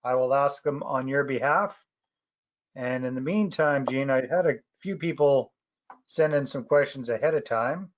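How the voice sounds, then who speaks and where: A man from Canada hosting a live webinar Q&A over a video call, relaxed and friendly, a little halting. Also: mid-range voice. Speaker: webinar host. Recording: muffled lo-fi call audio.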